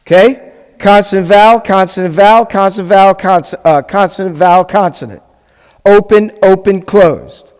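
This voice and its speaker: Guy teaching a hebrew class, kinda high voice, lots of "everybody good?", echoey hall sound. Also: normal speed, a little mellow, clean tone. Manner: patient, checks in often with the class.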